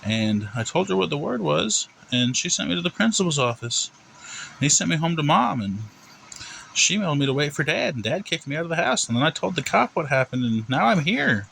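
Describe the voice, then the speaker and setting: A man's voice: a little high, big pitch swings, brisk, creaky, a bit bright, slight background noise, voice pushed up, exaggerated voice, low-quality recording. A man voicing a confused, earnest seven-year-old boy with a whiny, pleading voice. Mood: explaining.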